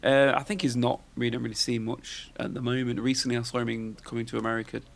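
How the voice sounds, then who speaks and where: A man's voice: mid-range voice, level tone, quick pace, gravelly. A man, hosting a podcast in casual, rambling chat and tossing questions to his co-host. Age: 40s.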